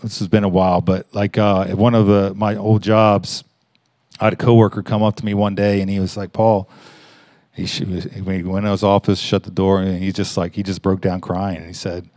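A man with a low voice preaches in a loose, conversational way. He tells a story with frequent restarts and lifts his voice to stress key points. The sound is dry and close. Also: level tone, darkish tone, dry recording. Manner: storytelling, halting, many restarts, rising with emphasis. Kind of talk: conversational sermon.

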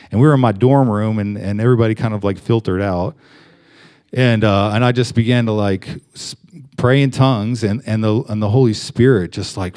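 Young male pastor, relaxed conversational sermon, stumbles and restarts. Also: mid-range voice. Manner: conversational, with many fillers and restarts.

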